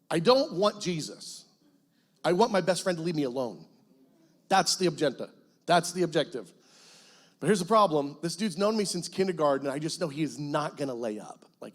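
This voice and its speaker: A male guest pastor telling his testimony in an animated, storytelling sermon, acting out his past self and joking with the congregation. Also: a little high.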